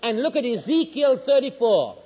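High-voiced preacher man in a hall. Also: very animated, normal speed. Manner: impassioned preaching, swinging from loud highs to low quiet lines. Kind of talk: sermon. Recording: dull lo-fi recording in a reverberant hall.

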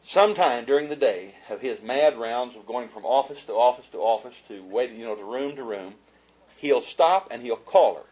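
A man's voice: medium pitch, lively intonation, normal speed, a little mellow, husky, muffled recording. A man giving a humorous, folksy talk about marriage to an audience, telling stories and chuckling as he goes. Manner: folksy storyteller, chuckling as he talks.

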